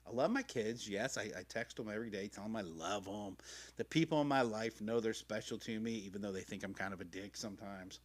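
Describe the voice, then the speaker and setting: A man's voice: fairly low pitch, fairly quick. A middle-aged man hosting a podcast, telling his story in a rambling, slangy way, swearing freely and acting out quotes. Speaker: podcast host. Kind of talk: casual personal storytelling. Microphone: podcast mic.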